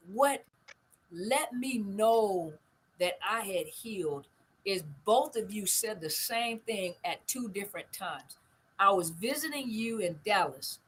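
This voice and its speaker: A woman's voice: medium pitch, a bit bright, a little hiss or hum, poor audio. An older woman, hosting a family conversation and telling stories with emphatic repetition. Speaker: host.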